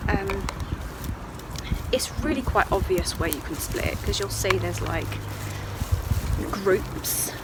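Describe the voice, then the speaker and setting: A woman's voice: mid-range voice, lively intonation, slow, long pauses, very noisy. A woman chatting casually to the camera in a video diary while gardening outdoors. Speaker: vlogger.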